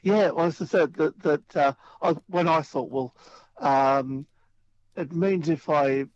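A man's voice: fairly high pitch, slow pace. A man, calling in to a radio quiz and chatting casually, with lots of ums and restarts. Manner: hesitant, many fillers and restarts. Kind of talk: casual phone chat. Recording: dull phone-line sound.

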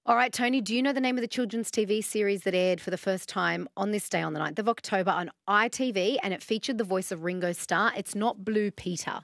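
A woman's voice: mid-range voice, fairly quick, gravelly, hardly any pauses, a bit bright, dry recording, studio quality. An Australian woman hosting casual talkback radio, bubbly and chatty, laughing often. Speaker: radio host.

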